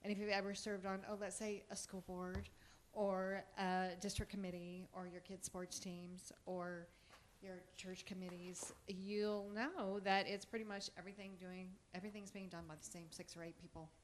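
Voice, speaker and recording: A woman's voice: medium pitch, flat delivery, a little hiss or hum. A middle-aged woman, a teacher giving an earnest prepared statement at a public forum. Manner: earnest, measured, reading a speech.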